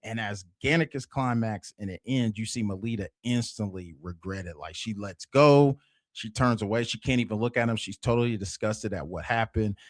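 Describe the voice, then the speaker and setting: A man's voice: on the low side, moderate pace, no room sound, studio quality. A man casually recapping a TV episode, rambling with lots of fillers. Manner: rambling, frequent fillers like "you know" and "basically". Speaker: TV episode reviewer.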